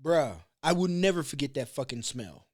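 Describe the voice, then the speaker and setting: Guy hosting a chat show, loose rambling stories, cusses a lot, kinda high voice. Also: expressive, normal speed. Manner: rambling storyteller, loose and profane. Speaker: podcast host. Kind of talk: casual chat.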